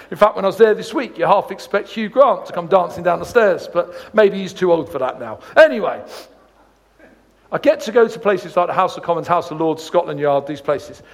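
A man with a voice that sits high preaches as a guest, and the sound carries the feel of a big room. He's a storyteller at heart, dropping jokey anecdotes and animated asides between passages of scripture.

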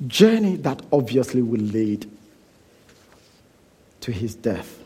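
A man preaching a sermon, deliberate and emphatic, repeating phrases for weight, dropping to a hush when he prays. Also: mid-range voice, sing-song, slightly rough. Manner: soft, hushed prayer.

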